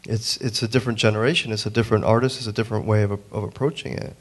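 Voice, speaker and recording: A man with a lowish voice speaks on a museum panel. He is a printmaker who tells a long story earnestly, stumbling and restarting often. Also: steady tone, husky. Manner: halting, many restarts and fillers, earnest. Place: museum auditorium.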